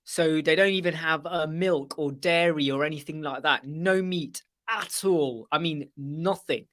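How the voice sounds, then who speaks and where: A man's voice: on the high side, unhurried, fairly bright tone. A man hosting a live web chat, rambling casually and mimicking other people's voices as he tells anecdotes.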